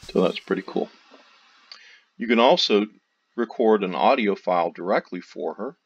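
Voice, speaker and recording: Man, low voice, talks through a software tutorial step by step; dull, lo-fi sound. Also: normal speed, husky. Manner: steady step-by-step explaining, loose phrasing. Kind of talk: screen-recorded tutorial narration. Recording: dull lo-fi audio.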